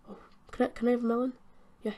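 A woman's voice: a little high, little pitch movement, very fast, dark tone. Giggly British woman chatting over gameplay. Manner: chatty and giggly, talks to game characters. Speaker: gaming channel host. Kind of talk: casual gameplay commentary.

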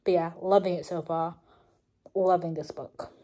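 A young woman talks casually through a reading vlog, her voice mellow and warm. She gushes excitedly, laughing at times, then drops into soft, hushed asides. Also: fairly low pitch, normal speed. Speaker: book vlogger.

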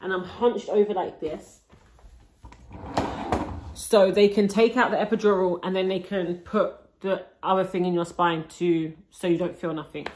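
Young woman, casual storytime, lowish voice, echoey room. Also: steady tone, moderate pace, darkish tone. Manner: chatty, tells it breathlessly with many likes and restarts. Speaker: vlogger. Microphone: camera she films herself with. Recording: roomy echo.

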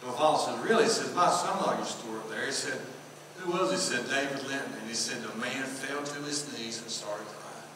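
A middle-aged pastor with a Southern accent preaches, acting out the voices in a personal story. He sounds far from the mic, in a very echoey church hall with a long reverb. A steady hum of room noise sits under his voice. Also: medium pitch, brisk, few pauses. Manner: storytelling, acts out dialogue. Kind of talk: sermon. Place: church sanctuary.

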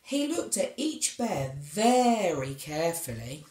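A woman reads a children's picture book aloud at an unhurried pace. Her pitch rises and falls in a very lively way as she tells the story. The echo of a roomy space surrounds her voice. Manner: expressive storytelling. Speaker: storybook reader. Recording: echoey room.

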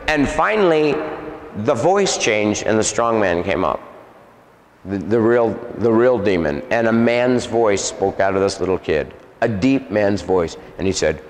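A man's voice: mid-range voice, measured pace. Man preaching in an echoey hall. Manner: animated storytelling, sound effects, repeats himself. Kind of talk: sermon testimony. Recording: echoey hall with long reverb.

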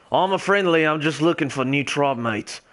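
This young man's voice sits a little high and sounds animated as he streams a game in character, faking an Australian accent. Unhurried, he rambles, swears constantly, and loudly hails other players.

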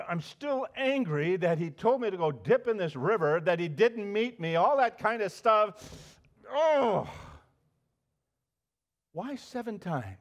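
A man's voice: high-pitched, very animated, slow pace, heavily acted. A man voicing a proud, angry army commander in a first-person role-play within a sermon. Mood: indignant.

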